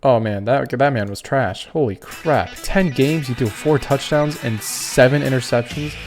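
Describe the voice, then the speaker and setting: A man's voice: mid-range voice, unhurried, faint music behind. Guy doing a sports tier list, heated rants, swears a bit, mid-range voice. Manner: opinionated, fired-up ranting with cursing. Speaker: podcast host.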